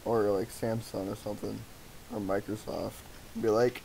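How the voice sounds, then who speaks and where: A man's voice: lowish voice, little pitch movement, moderate pace, gravelly, warm tone, slight background noise, rough recording. A young man chatting with friends on a close mic, giggling and egging them on. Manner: giggly, eggs the others on. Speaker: streamer. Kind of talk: casual chat with friends. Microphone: mic too close.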